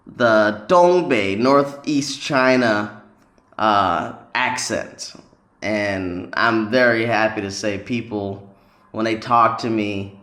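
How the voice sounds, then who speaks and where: A man's voice: fairly low pitch, a bit bright, reverberant. A man talking casually to camera about learning languages, rambling with many ums and restarts. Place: lives in a city in northern China.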